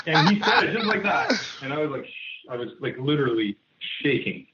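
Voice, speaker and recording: A man, a guest entrepreneur, telling a story in an interview in an animated way, with many asides and restarts. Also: on the high side, a little fast. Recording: tinny phone-like line with faint noise.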